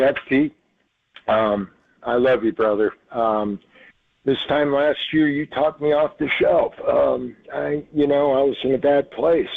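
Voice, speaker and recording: Male radio caller, tinny phone line, halting, many fillers, mid pitch. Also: vocal fry. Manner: halting, full of pauses and fillers.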